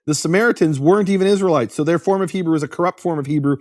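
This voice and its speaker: Guy hosting a talk, kinda high voice, lecture-y, asks questions then answers them himself. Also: very fast, no echo, clean studio sound. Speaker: host explaining biblical history. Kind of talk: explanatory talk.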